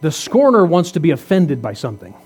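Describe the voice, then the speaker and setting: A man's voice: a little high, very animated, a little fast, darkish tone, breathy edge. A man in his fifties, a pastor preaching a sermon in a conversational way, asking rhetorical questions and teasing the congregation. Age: 50s. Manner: jokes and teases the congregation.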